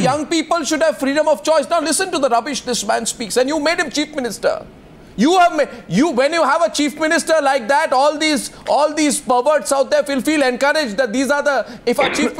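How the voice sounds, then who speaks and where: A man's voice: very high voice, slight background noise. A man anchoring a TV news debate, pressing guests and repeating his demands over them. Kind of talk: confrontational TV debate moderation.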